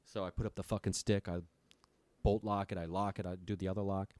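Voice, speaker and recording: Deep-voiced guy swearing his way through a story on a podcast, dry close mic. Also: flat delivery, brisk, a little mellow, no echo. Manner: profane, breathless retelling. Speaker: podcast guest.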